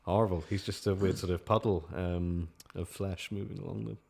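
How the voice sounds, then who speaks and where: A man's voice: sits low, steady tone, fairly quick, creaky, a little mellow, husky. A man, a podcast guest riffing on a film with giggly, silly jokes. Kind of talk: casual film commentary chat.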